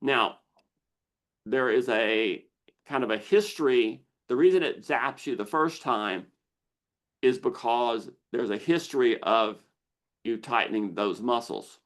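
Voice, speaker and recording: A man hosting a live online Q&A, explaining slowly and deliberately with pauses as he shares slides. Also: mid-range voice, fairly bright tone. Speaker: misophonia researcher hosting a Q&A.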